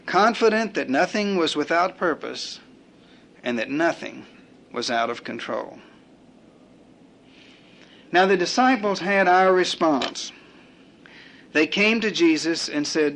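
A man's voice: on the high side, expressive, unhurried, creaky, pauses often, fairly bright tone. A man preaching a sermon, building his points through rhythmic repetition and acting out quoted prayers and complaints.

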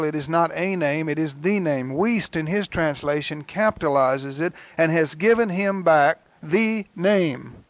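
A man delivers a sermon in earnest, rhythmic phrases with dramatic pauses. His voice sits slightly high for a man and carries a gravelly rasp. The recording is dry and muffled, with a lo-fi sound. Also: no room sound. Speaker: preacher.

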